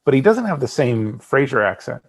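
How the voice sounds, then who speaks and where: A man with a gravelly, fry-edged voice talking casually about a film as a podcast guest host. He tosses in dry, joking asides at a mid pitch. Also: big pitch swings, fairly quick.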